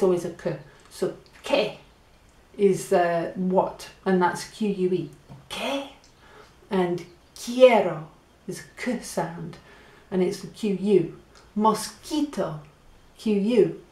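A woman teaching a Spanish lesson for beginners, repeating words slowly for learners. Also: mid-range voice, dark tone, echoey room. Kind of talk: language lesson.

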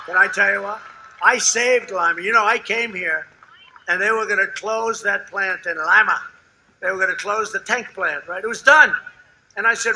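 An older man giving a rambling, boastful campaign rally speech, repeating himself and swinging between shouted lines and hushed asides. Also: sits high, moderate pace, poor audio. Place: outdoor rally before a large crowd.

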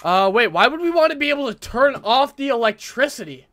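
A man streaming a horror game, talking to his chat with frantic, profane yelling reactions. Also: very high voice, big pitch swings, brisk. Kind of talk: live gameplay commentary to chat.

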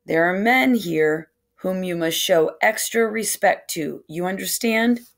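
A steady, patient reverend explains things in a calm, measured voice, as a woman reading the story gives him voice. The tone sits low and slightly gravelly.

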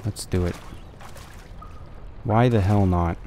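A man's voice: low voice, takes it slowly, warm tone, slight background noise. A young man casually commenting on a horror game as he plays, swearing and talking to himself. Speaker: let's play gamer.

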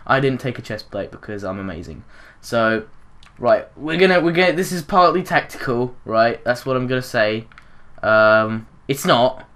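Excitable young gaming commentator. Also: male voice, mid-range voice, moderate pace. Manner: excitable, rambling, gasps and giggles. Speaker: gaming YouTuber. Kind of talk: casual gameplay commentary.

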